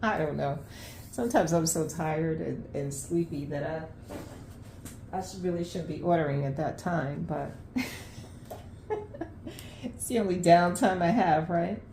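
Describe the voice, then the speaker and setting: A woman unboxing plants in a casual vlog at home, gushing with excitement and laughing often. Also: deep voice, a little slow, long pauses, echoey room, a little hiss or hum. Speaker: plant vlogger. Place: home, unpacking at the sink.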